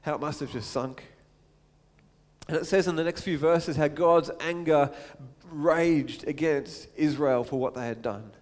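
A man with a fairly high voice preaches a sermon, his words trailing off into the long reverb of a large hall. He talks in a conversational way, pausing for asides and acting out the quoted lines. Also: a little mellow.

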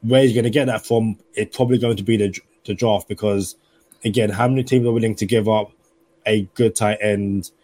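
A man's voice: on the low side, steady tone, fairly quick, darkish tone, dry recording. A man with a London accent, co-hosting a sports podcast and thinking aloud with lots of "you know" fillers. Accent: London English. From London, England. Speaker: podcast co-host. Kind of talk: casual sports podcast chat.

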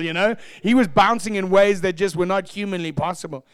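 A man preaching a sermon as pastor, telling stories in an animated way and acting out voices. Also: high voice, a little fast, clean tone, no echo, clean studio sound. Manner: animated, acts out voices, laughs at own stories. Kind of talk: sermon storytelling.

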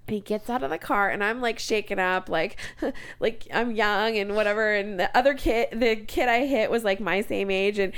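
A woman's voice: medium pitch, normal speed, clear, resonant tone. A woman in her thirties telling a story in casual comedic chat, swearing freely and acting out the people in it. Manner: profane, animated storytelling with laughs. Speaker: podcast co-host telling a story.

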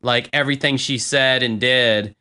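A man's voice: mid-range voice, fairly even intonation, normal speed, pushed and bright, clean tone. A young man hosting a podcast, telling a crude story in a rambling way, with fillers and swearing. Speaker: podcast host. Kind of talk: casual storytelling.

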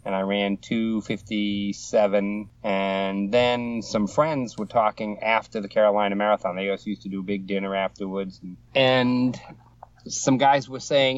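A man's voice: lowish voice, steady tone, moderate pace. A man in his sixties with a Boston accent, telling rambling, self-deprecating stories as an interview guest. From Boston area. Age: 60s. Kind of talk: casual anecdotal storytelling. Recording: dull, slightly distant, dry mic.

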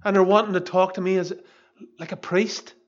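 A man's voice: sits high, little pitch movement, normal speed, dull audio. A pastor in his fifties preaching an earnest, emphatic sermon. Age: 50s.

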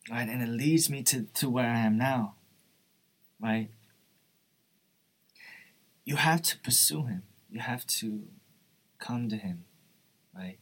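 A man's voice: mid-range voice, slow pace, long pauses, a bit bright, husky. A young man giving an earnest, informal devotional talk, often asking "right?" and "you know". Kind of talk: informal sermon.

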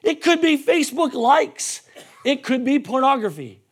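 A male pastor preaching a sermon emphatically, swinging between shouting and hushed tones. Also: extremely high pitch, sing-song, moderate pace.

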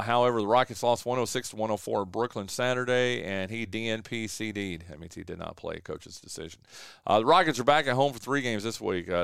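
A man hosting a local sports radio show, running through scores and team records with many fillers and quick self-corrections. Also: mid-range voice, a bit bright, clear, resonant tone, dry recording, studio quality.

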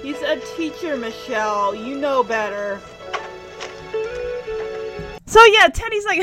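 A woman's voice: high-pitched, lively intonation, unhurried, pauses often, over music. A woman chatting casually and laughing as she recaps a sitcom episode. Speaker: show recapper.

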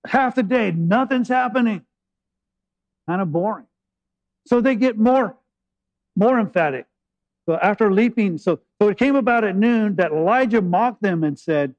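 High-voiced animated male preacher. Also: moderate pace, pauses often, no echo, dull audio. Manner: animated storytelling preacher, paraphrasing scripture with humor. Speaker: pastor. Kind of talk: sermon.

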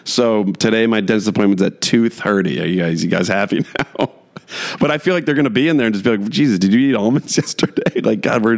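Man, podcast host, casual solo chat, gravelly low voice, rambling, chuckles a lot. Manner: rambling, filler-heavy, chuckling often.

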